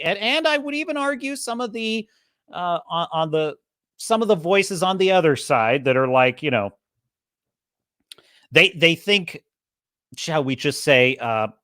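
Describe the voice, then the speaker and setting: Podcast host, male, slightly high voice, lively and rambling, dry close sound. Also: no echo. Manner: rambling, animated storytelling with restarts. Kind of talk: casual opinionated chat.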